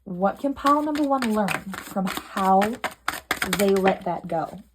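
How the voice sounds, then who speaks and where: A young adult woman giving a pick-a-card tarot reading at home, earnest and emotional, swinging from soft to heated. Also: medium pitch, expressive, takes it slowly, background noise. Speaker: tarot reader. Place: home room.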